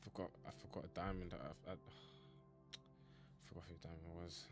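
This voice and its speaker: A man's voice: low voice, normal speed, gravelly, soft background music. A man streaming a game, muttering bemused reactions and reading the game's text aloud as he plays. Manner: reads game text aloud between comments. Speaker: gamer streamer. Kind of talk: casual gameplay commentary.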